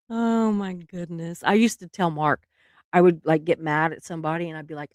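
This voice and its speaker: A woman's voice: fairly low pitch, normal speed, pauses often, no echo, clean studio sound. A middle-aged woman, hosting a casual live stream, chatty and laughing often, trailing off mid-sentence.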